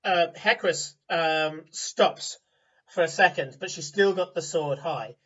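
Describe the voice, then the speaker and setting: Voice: medium pitch, slow pace, fairly bright tone. A game master narrating a tabletop game with a rambling delivery full of fillers, recorded on a distant, dull mic.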